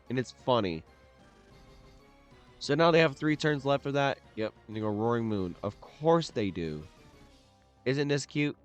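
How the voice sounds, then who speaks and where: A young man giving casual play-by-play commentary on his own competitive match, talking through each move under his breath. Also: medium pitch. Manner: muttered play-by-play, bursts into loud frustrated shouts. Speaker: gaming commentator. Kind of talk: live game commentary.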